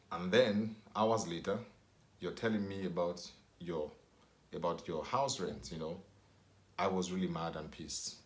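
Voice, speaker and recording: A Nigerian man vlogging to camera, his voice low and deep. He tells his story in a loose, rambling way, full of "you know", and the room gives back a clear echo.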